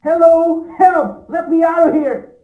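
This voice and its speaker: Man playing a trapped man, frantic, whiny, very high voice, slow, roomy echo. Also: fairly even intonation, phone-quality sound. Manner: shouting, demanding, whiny. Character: frantic man locked in a room.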